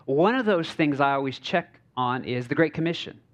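A man preaching as a pastor in a relaxed, conversational sermon from a church stage. He jokes, uses many fillers and keeps checking in with the crowd. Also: fairly high pitch, moderate pace. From United States.

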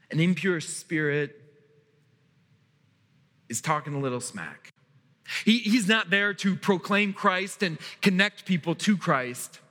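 A male pastor delivers a sermon in an emphatic style, leaning on pauses and repetition. His voice sits a little high and swings widely in pitch, and he takes his time with every phrase. The sound carries a long reverb from a large church hall. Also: a bit bright.

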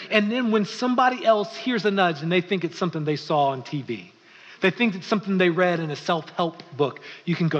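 A male pastor delivers a sermon and acts out the voices of the people in his story. His voice is a little higher than usual and slightly husky. The recording is a bit dull, and it carries the long reverb of a large hall. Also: brisk. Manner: animated storytelling, acting out quoted voices.

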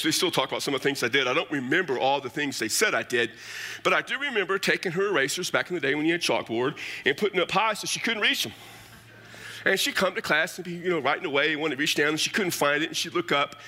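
A middle-aged man preaching a sermon as pastor, telling stories with casual asides. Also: fairly high pitch. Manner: animated storytelling with casual asides.

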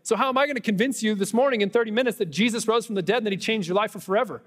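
A man preaching a conversational Easter sermon as pastor, animated, with self-deprecating humor and quick asides. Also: high-pitched, long reverb tail. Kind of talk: Easter sermon with personal stories. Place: church sanctuary.

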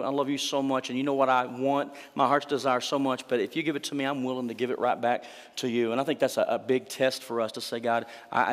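A man's voice: mid-range voice, in a large hall. A male pastor preaching an earnest sermon, voicing the quoted scripture lines as he tells the story.

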